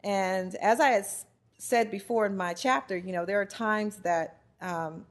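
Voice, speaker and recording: Earnest halting woman telling her story. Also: mid-range voice. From United States. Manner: earnest, halting, with many restarts. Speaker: spouse sharing her experience. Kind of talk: heartfelt personal testimony.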